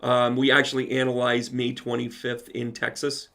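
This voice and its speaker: A man's voice: mid-range voice, completely flat delivery, normal speed, creaky, a bit bright. A man hosting a casual livestream Q&A as a medium, reading out viewer comments and answering them with playful asides. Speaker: medium answering live chat questions.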